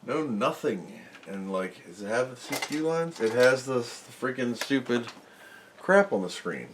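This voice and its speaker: Male host, mid pitch, rambling workbench chatter, self-deprecating, faint hiss behind. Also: expressive, moderate pace. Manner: rambling, self-mocking, mutters while working. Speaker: electronics repair host. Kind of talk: casual workbench narration.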